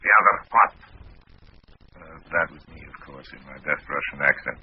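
A man's voice: very deep voice, moderate pace. An actor playing a suave, wry crook who narrates his own story in 1940s radio drama style. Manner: wry, dry, teasing. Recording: muffled old radio recording with faint hiss.

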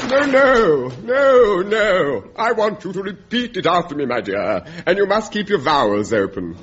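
A man's voice: high voice, sing-song, a little slow, a little hiss or hum, exaggerated voice. An actor playing a fussy, prim male elocution teacher who gives precise instructions, in a radio comedy. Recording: dull radio recording, loud audience laughter.

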